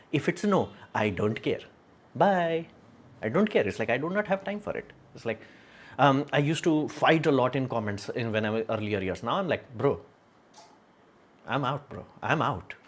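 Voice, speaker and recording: A man hosting a casual livestream, talking frankly and rambling, with many fillers and frequent laughs. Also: mid-range voice. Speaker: livestream host.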